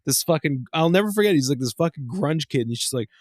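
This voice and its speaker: A man in his thirties chatting on a podcast in a fairly high voice, dry and close to the mic. He tells stories in an animated way, swears often and jumps into a higher pitch to act out other people's lines. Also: fast talker, no room sound. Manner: animated storyteller, swearing, acting out quotes in a high voice. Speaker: podcast co-host. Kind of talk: casual chat.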